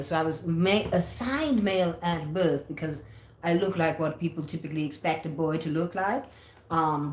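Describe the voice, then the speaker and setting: A woman's voice: on the low side, a little mellow. A woman chatting casually on a livestream, reading viewer comments aloud and answering them playfully. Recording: roomy echo.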